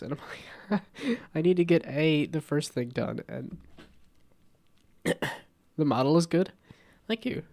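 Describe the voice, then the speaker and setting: Congested, gravelly man streaming casually. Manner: rambling, self-deprecating, laughs often, low energy. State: congested from a cold. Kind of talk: casual live-stream chat while working.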